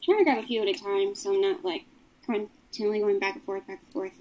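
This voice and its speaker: A woman's voice: mid-range voice, fast, warm tone, rough recording. A woman casually showing her collection, describing each item in a matter-of-fact way. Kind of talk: casual show-and-tell of a collection.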